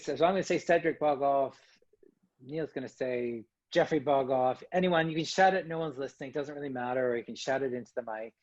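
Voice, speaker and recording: A man's voice: medium pitch, brisk, no echo, dull audio. A man giving an online conference talk, joking and coaxing his audience to join in. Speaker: workshop speaker.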